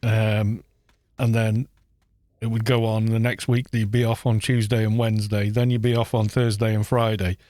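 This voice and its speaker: A man's voice: fairly low pitch, flat delivery, moderate pace, dark tone, dry recording, clean studio sound. A man with a Welsh accent from Wales, chatting casually and rambling with joking asides while streaming a game. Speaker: gaming streamer. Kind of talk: casual live-stream chat.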